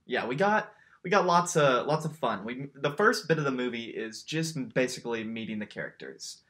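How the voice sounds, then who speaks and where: A man's voice: mid-range voice, lively intonation, moderate pace, fairly bright tone. This man co-hosts a podcast with easy, joking chatter. He laughs freely and often trips over his words, repeating them as he goes. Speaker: podcast co-host. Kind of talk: casual chat.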